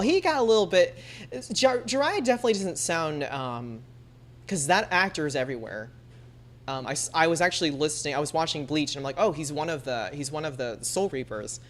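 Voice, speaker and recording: A woman streamer chatting casually and laughing often, using many fillers. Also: low voice. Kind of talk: casual chat.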